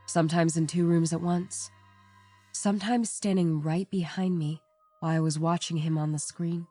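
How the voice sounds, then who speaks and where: A woman reading a first-person horror story aloud in a measured, somber storytelling manner. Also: on the low side, darkish tone, no echo. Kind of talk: scripted narration. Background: faint background music.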